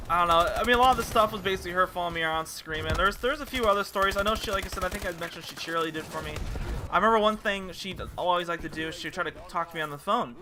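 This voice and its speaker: A man's voice: fairly high pitch, sharp tone, slight background noise. A young man telling stories over gameplay in a rambling, casual way. He often restarts his sentences and trails off. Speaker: gaming channel host.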